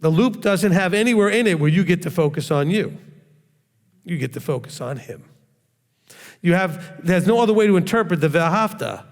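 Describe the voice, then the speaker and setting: A man's voice: high voice, animated, moderate pace, long reverb tail. A man, a rabbi, teaching a sermon in a conversational way, often checking in with his listeners and adding light joking asides.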